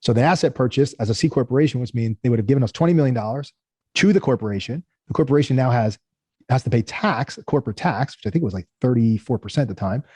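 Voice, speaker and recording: A man's voice: medium pitch, animated, quick pace, darkish tone, breathy edge, no echo. A man, a company founder, tells stories in a casual interview, acting out the people he quotes in raised voices.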